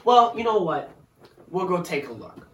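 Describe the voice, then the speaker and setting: A man in casual chat, telling an animated story about work, acting out quotes and laughing often. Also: sits high, normal speed. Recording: roomy echo, far from the mic, faint noise.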